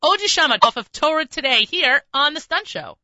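A woman's voice: sits high, animated, fairly quick, sharp tone, muffled recording. A woman hosting a radio show in casual chat from the studio, talking freely, tripping over her words and joking at herself. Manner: chatty, trips over words, self-mocking. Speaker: radio host.

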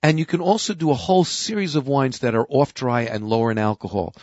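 A man's voice: medium pitch, fast talker, darkish tone, no echo, highs cut off. A man hosting a casual wine talk show, explaining wines in a talkative way and often repeating his words. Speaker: host, wine expert. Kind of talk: casual chat.

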